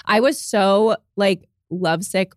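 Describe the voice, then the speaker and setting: A woman talking in a breezy, emphatic way at a middle pitch, cursing now and then, as a podcast co-host. The recording is dry and close to the mic. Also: takes it slowly, dry recording. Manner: breezy, emphatic, swears casually. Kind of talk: casual chat and ad read.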